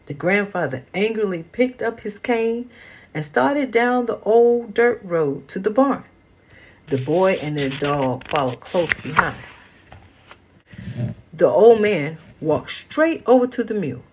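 A woman reading a children's picture book aloud as a storyteller, slow and expressive. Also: medium pitch, husky.

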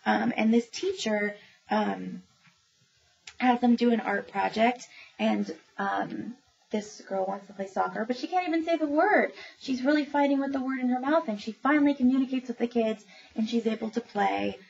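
A woman's voice: on the high side, moderate pace, creaky, darkish tone. A woman reviewing new children's books in a casual book talk, chatty and enthusiastic, with many ums as she retells each story. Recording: dull lo-fi sound with faint noise.

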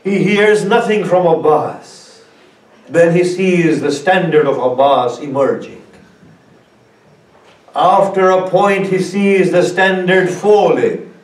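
A man as a sheikh giving a mournful sermon, telling a story slowly with dramatic pauses. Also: high voice. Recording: echoey hall, speaker far from mic.

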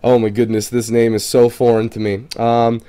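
A man's voice: mid-range voice, little pitch movement, moderate pace, dark tone, smooth. A man casually reading viewer comments aloud for his gaming channel. He swears freely and trips over unfamiliar names. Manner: loose and profane, swears casually. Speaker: gaming video creator.

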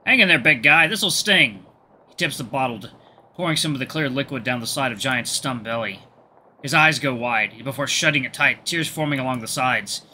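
A man hosting a gaming video, reading a visual novel aloud with relaxed, chatty asides. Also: medium pitch, fairly quick, a little hiss or hum.

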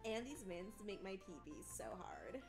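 A man's voice: high-pitched, very animated, a little slow, vocal fry, soft background music, heavily acted. A trans man putting on a sassy, profane valley girl voice during casual live-stream banter. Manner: profane, drawling, mock-snobbish.

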